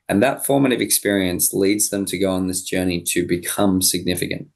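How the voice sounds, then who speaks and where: A man, a high-performance coach, guest on a podcast interview, explaining ideas reflectively with many fillers. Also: steady tone, fairly quick, hardly any pauses, a little mellow.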